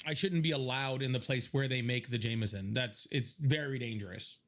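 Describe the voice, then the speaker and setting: A man's voice: mid-range voice, brisk, a bit bright. A man hosting a casual live chat, rambling and joking with his viewers, laughing often, a little stuffy from allergies. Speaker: live stream host.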